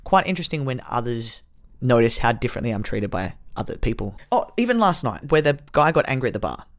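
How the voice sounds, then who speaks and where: Young man, lively pitch, earnest, casual podcast talk. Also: fast talker. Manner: animated, earnest storytelling. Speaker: podcast co-host. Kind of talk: casual chat.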